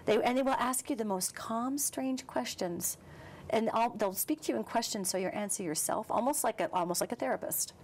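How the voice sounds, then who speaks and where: A woman guest in an interview, speaking with lively emphasis and slowing down for calm passages. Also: on the high side, slight background noise. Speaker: psychic medium guest. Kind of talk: interview conversation.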